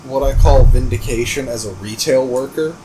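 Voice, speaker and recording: A young man co-hosting a podcast, casually telling animated retail-work stories, swearing and acting out customers. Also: medium pitch, normal speed, noisy background. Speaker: podcast co-host. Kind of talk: casual podcast chat, storytelling.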